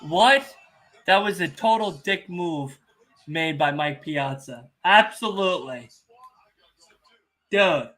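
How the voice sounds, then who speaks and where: A young man hosting a casual wrestling podcast watch-along, telling stories excitably, swearing freely and teasing the chat. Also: a little high, takes it slowly, pauses often. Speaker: podcast host.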